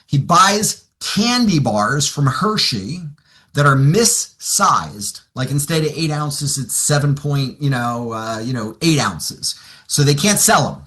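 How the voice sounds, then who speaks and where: A man's voice: a little high, lively intonation, slow, a bit bright. A man training financial advisors, telling stories and acting out both sides of his client conversations. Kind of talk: seminar talk with acted dialogue.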